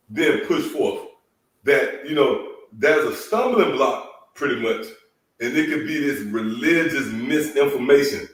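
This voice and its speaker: A man preaching through a scripture lesson with emphatic calls and a slightly high voice. He is heard from a distance in a very echoey room. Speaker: teacher leading a scripture lesson.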